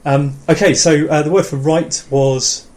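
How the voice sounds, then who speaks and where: A man teaching a relaxed pronunciation lesson, patiently encouraging learners and slowly repeating words for them. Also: a little high. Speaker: language teacher.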